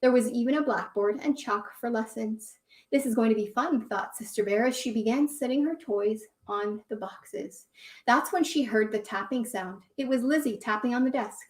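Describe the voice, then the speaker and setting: Lady teaching kids yoga and reading a story, encouraging, high voice, echoey room. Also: moderate pace, far from the mic. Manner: encouraging, coaching children through poses. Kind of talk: children's yoga story time.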